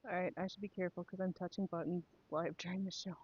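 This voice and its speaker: A woman's voice: fairly low pitch, fairly even intonation, quick pace, darkish tone, breathy edge, dry recording, highs cut off. A woman chatting casually to her live stream while sewing, rambling and talking to herself and her pets.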